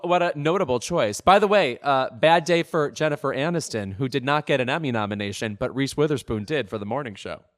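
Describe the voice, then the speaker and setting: A man's voice: mid-range voice, brisk, hardly any pauses, a bit bright. A man co-hosting a podcast, chatting about pop culture in a wry, sardonic, self-deprecating way. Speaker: podcast co-host. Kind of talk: casual pop-culture chat.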